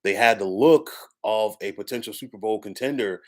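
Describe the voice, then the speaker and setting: A man with a somewhat low voice talks through a sports opinion monologue on his own. He is emphatic and leans on repeated stock phrases to push his points. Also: moderate pace. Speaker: sports commentator.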